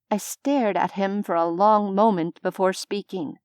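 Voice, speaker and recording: A woman narrating an audiobook in first person, even and unhurried. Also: mid-range voice, clear, resonant tone, no room sound, studio quality.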